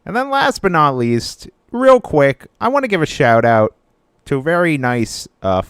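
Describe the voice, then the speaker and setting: A man's voice: on the high side, big pitch swings, moderate pace, fairly bright tone, smooth, no echo, studio quality. A young man co-hosting a podcast in casual, rambling chat, full of "like" fillers. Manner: rambling, filler-heavy, easygoing. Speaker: podcast co-host.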